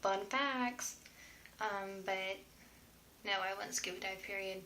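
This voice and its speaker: A woman's voice: mid-range voice, steady tone, slow pace, bright, forceful tone, slight background noise. A woman answering viewer questions in a casual, rambling vlog, sometimes dropping to a whisper. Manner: rambling, chatty, drifts into whispers at times. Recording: roomy echo.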